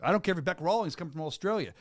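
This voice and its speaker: A man hosting a podcast, joking and laughing in quick, hyped chat. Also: sits high, animated, no echo, studio quality. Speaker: podcast host and venue announcer. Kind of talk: casual chat.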